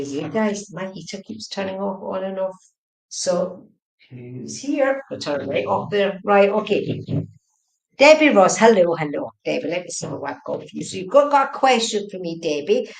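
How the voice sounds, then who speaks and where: A woman's voice: mid-range voice, creaky. A woman giving a live online tarot and mediumship reading, chatty and repetitive, often checking whether her words make sense. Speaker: psychic medium. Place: indoors at home, room with a heater. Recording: echoey room.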